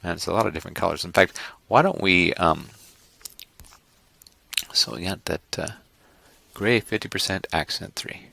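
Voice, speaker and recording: A man instructing an online class through a screen-recorded software tutorial, rambling and correcting himself with joking asides to his students. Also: deep voice, moderate pace, gravelly, long pauses, no room sound.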